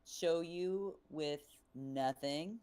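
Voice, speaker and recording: Deep and warm, this woman's voice moves extremely slowly. She's a music producer casually walking through her vocal mixing in a studio tutorial, talking with plenty of fillers and reading off numbers.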